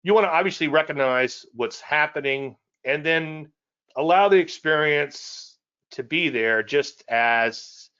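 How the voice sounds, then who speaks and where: A man's voice: fairly high pitch, unhurried, sharp tone, clean tone, highs cut off. A man giving a live trading presentation in a conversational, digressive way, often repeating phrases and chuckling at his own asides. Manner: repeats phrases and restarts sentences. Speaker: trading educator hosting a live weekly show.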